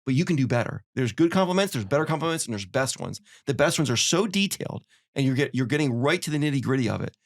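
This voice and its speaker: A man's voice: medium pitch, creaky. A man hosting a podcast, chatting casually and acting out little quoted lines as he tells stories. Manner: fast, animated storyteller acting out quotes. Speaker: podcast host. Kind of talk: casual conversation.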